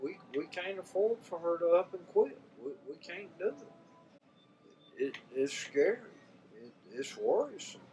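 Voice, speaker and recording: A man's voice: high-pitched, sing-song, a little slow, dark tone, faint music behind, poor audio. An older man with a Southern US accent talking casually and from the heart to his viewers in a folksy, rambling way, often repeating his words. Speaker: vlogger. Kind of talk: casual heartfelt talk to camera.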